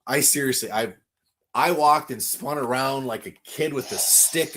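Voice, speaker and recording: A man hosting a live toy unboxing stream, gushing with excitement and often stumbling over his words as he reads viewer comments. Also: mid-range voice, takes it slowly. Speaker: toy collector livestream host.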